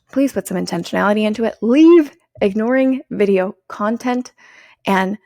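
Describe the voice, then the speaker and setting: A woman hosting her own podcast, giving an energetic, swearing pep talk to her listeners. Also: medium pitch, no room sound, clean studio sound. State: out of breath. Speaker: podcast host and business coach. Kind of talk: solo podcast monologue.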